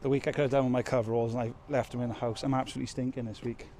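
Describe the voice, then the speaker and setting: A man's voice: mid-range voice, level tone, very fast, dark tone. Man, trucker vlog, rambling, self-mocking, outdoors, light background noise. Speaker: truck driver vlogger. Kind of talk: casual chat while working. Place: outdoors at a loading yard in rain.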